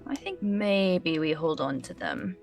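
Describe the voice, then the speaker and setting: A woman's voice: fairly low pitch, animated, slow pace, gravelly, darkish tone, soft background music. A woman playing a tabletop game, upbeat and laughing, thinking aloud through plans. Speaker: player. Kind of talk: tabletop role-play, in and out of character.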